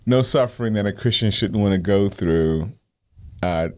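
Male co-host, lowish voice, loose rambling chat about faith. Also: normal speed. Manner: rambling, repeats "you know what I mean". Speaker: podcast co-host. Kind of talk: casual faith discussion.

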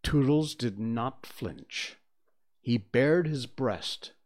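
A man reading a children's storybook aloud in an expressive, theatrical storytelling manner. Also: medium pitch, extremely slow. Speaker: reader.

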